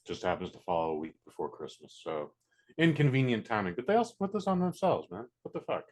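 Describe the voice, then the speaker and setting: A man's voice: fairly low pitch, big pitch swings, fairly quick, darkish tone. A man co-hosting a casual podcast, talking in a laid-back, matter-of-fact way and swearing freely. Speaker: podcast co-host.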